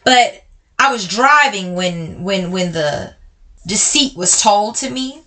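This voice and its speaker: A woman's voice: medium pitch, lively intonation, pushed and bright. A woman hosting a podcast, talking openly and emotionally to her listeners, calling them y'all, blunt and direct. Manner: swings between slow and quick speech. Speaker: podcast host. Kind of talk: personal talk to listeners.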